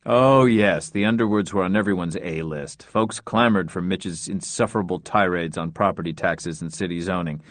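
A man narrating an audiobook in a wry, measured storytelling manner. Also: on the low side, dry recording. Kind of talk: scripted narration.

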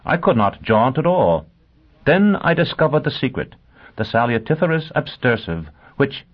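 A man voicing a vengeful, driven man who questions with calm ferocity. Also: mid-range voice, moderate pace, dull audio, pitched above the performer's own voice. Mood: menacing. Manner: cold, intense interrogation.

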